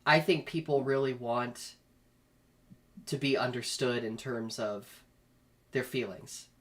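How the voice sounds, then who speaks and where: Co-host, woman, deep-pitched, relaxed and reflective in casual talk. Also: slow. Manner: thoughtful, calls people "girl," laughs easily. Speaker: podcast co-host. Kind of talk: comedic casual chat.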